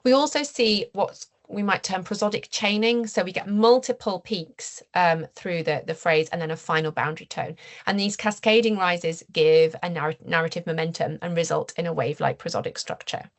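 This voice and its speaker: A woman researcher giving an academic seminar presentation, explaining her findings in a measured way with frequent ums and restarts. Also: on the low side, fairly even intonation.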